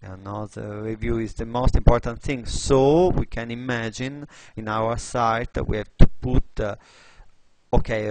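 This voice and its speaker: A man with an Italian accent talks slowly through a design tutorial, pausing often and restarting his sentences. His voice sits low with a gravelly rasp. A faint noise runs under the recording. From Italy. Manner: halting, thinking aloud with many fillers and restarts.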